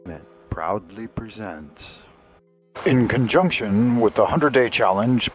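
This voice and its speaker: A man's voice: lowish voice, lively intonation, takes it slowly, soft background music. A man hosting a livestream, chatting casually with viewers in crude, profane banter. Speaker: livestream host.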